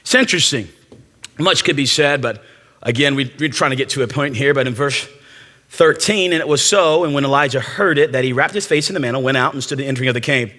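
A man preaching a revival sermon in a church, animated and acting out the story in quoted voices. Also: mid-range voice, fast talker. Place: church sanctuary. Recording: reverberant church hall.

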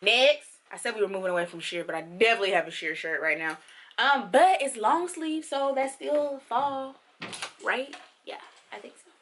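A bright, lively young woman talks her viewers through a try-on haul in a playful, slangy way. Her voice sits a bit high and pops up into sudden squeals when she gets excited. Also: normal speed. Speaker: fashion vlogger. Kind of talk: casual try-on haul chat.

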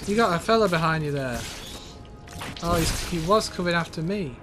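A man's voice: sits high, brisk, music in the background. A young man casually commentating a co-op shooter game, joking, swearing and narrating his own moves. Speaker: gameplay commentator.

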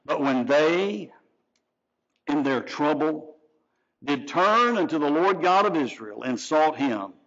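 A man preaching a sermon as pastor, swinging between loud, drawn-out phrases and hushed, quiet lines. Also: a little high, lively intonation, dull audio. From Georgia, US.

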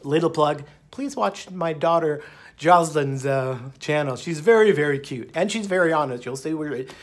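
A man's voice: a little high, a bit bright. A middle-aged man talking casually to camera in a rambling, upbeat way, now and then breaking into song. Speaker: vlogger. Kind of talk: casual talk to camera, with bits sung.

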